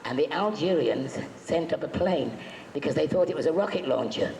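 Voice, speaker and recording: A man's voice: fairly high pitch, animated, normal speed, gravelly, crowd noise. Chatty man telling jokey stories in an echoey hall. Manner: jokey, chatty, acts out quotes. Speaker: convention panel guest. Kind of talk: anecdotal storytelling to a live audience. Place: convention hall. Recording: echoey hall, faint background noise.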